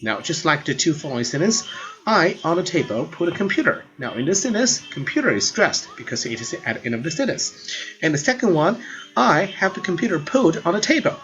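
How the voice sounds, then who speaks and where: A man's voice: a little high, sing-song, a little fast, a bit bright. A man teaching a grammar lesson in an earnest explanatory way, often repeating words as he goes. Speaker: language teacher. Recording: dull lo-fi sound with faint background music.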